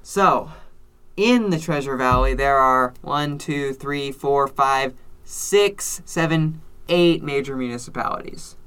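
A man's voice: mid-range voice, slow pace, fairly bright tone, clear, resonant tone. A man co-hosting a casual chat, explaining things with wry asides and jokes. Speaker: podcast co-host. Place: based in Salt Lake City.

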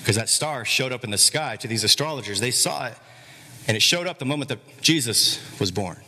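A man preaching a sermon as pastor, telling the story in an animated way and acting out the characters. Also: mid-range voice, fairly quick, long reverb tail.

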